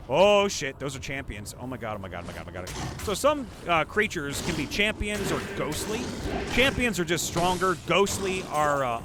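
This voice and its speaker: With a voice a little on the high side, an adult streamer and voice actor who isn't young plays a game live amid background noise. He banters casually and rants in crude, profane jokes while game music plays.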